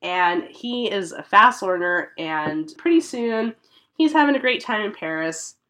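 A woman hosting a casual chat podcast, telling a story in an animated way and laughing now and then. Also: mid-range voice, unhurried. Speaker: podcast host.

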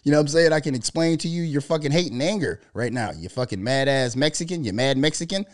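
A man talking in a loose, profane monologue, telling animated stories and putting on mocking voices as he quotes people. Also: fairly high pitch, quick pace. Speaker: podcast co-host. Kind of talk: casual monologue.

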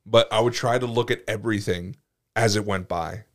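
A man's voice: on the low side, moderate pace. A man co-hosting a podcast, telling stories in casual chat, cursing freely and laughing often. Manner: swears a lot, laughs often, animated storytelling. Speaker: podcast co-host.

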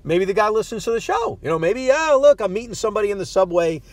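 A man's voice: high-pitched, big pitch swings, quick pace, darkish tone, no echo. A man, hosting a podcast and telling a story in a casual, self-deprecating way, often stammering as he restarts. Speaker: podcast host. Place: parked car.

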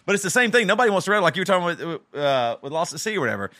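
A man hosting a podcast, chatting in an animated way and acting out quoted asides. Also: high voice, rapid-fire, no room sound. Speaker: podcast host. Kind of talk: casual chat.

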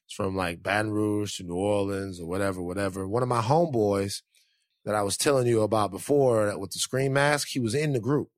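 A man telling a story in casual chat, animated and acting out other people's lines in shifting voices. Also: fairly low pitch, brisk, no echo, clean studio sound.

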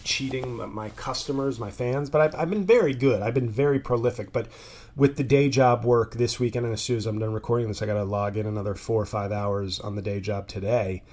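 A man in his thirties hosting a podcast, telling a rambling, crude, self-mocking comic monologue. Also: mid-range voice. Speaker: podcast host. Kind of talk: casual comedic monologue.

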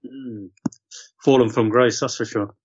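A man's voice: mid-range voice, fairly even intonation, unhurried, muffled recording. A man, a podcast guest, chatting casually about football and pressing his point insistently.

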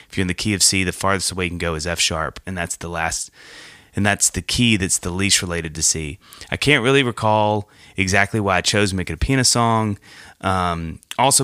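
A man's voice: low voice, bright, forceful tone, dry recording, studio quality. A man hosting a solo music podcast, talking casually and in a rambling, self-amused way about songwriting. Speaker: podcast host.

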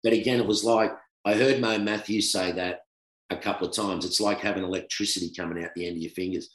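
A middle-aged man with an Australian accent, a former cricketer telling stories in a relaxed, animated chat with laughter. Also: low-pitched, fast. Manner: animated anecdote telling with laughter, swings between loud and hushed. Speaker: guest, former professional cricketer. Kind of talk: casual storytelling chat. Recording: roomy echo.

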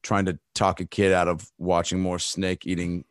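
A man's voice: low-pitched, completely flat delivery, moderate pace, no room sound, studio quality. A man guesting as a comedian on a podcast, riffing loosely in casual chat with plenty of profanity and fillers.

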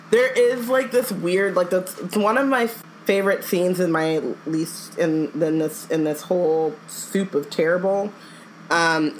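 A woman's voice: fairly low pitch, a little hiss or hum, low-quality recording. Rambling woman in casual chat. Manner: rambling, full of "like" and restarts. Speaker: podcast co-host.

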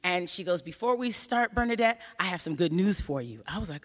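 A woman telling a personal story on stage in an animated way, acting out the voices she quotes. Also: lowish voice, fairly quick. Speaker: researcher giving a talk. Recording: hall reverb.

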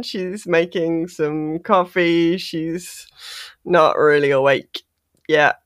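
A woman playing a tabletop game, describing her sleepy character in a relaxed, drawling way. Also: fairly low pitch, dry recording, studio quality. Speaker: player.

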